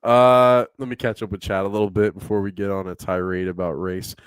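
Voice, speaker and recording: A man's voice: lowish voice, flat delivery, fairly quick, clear, resonant tone, no room sound. A young man co-hosting a casual podcast, rambling, laughing often and reading viewer comments aloud. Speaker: podcast co-host reading chat.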